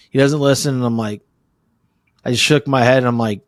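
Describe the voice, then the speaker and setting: A middle-aged man hosting a podcast interview, telling stories in quick animated bursts. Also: mid-range voice, no room sound, clean studio sound. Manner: animated storyteller, talks fast in bursts. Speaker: podcast host. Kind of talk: casual conversational interview.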